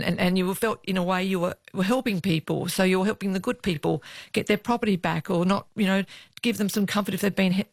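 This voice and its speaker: A woman's voice: medium pitch, no room sound. Woman telling police stories. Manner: lively anecdotal, acts out voices in quotes. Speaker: former police officer, guest. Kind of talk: storytelling interview.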